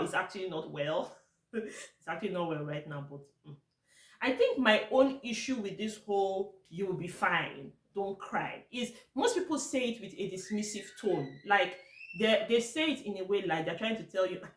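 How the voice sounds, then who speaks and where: A woman's voice: mid-range voice, lively intonation, moderate pace, reverberant. A Nigerian woman vlogging to camera in a casual, blunt and exasperated way, slipping into Pidgin now and then.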